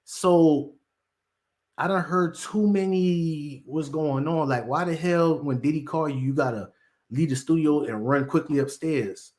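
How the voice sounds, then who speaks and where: A man's voice: on the high side, moderate pace, darkish tone. A man hosting casual commentary, rambling in slang and acting out quotes from the people he talks about. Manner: slangy, rambling storyteller who acts out quotes. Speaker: commentary host.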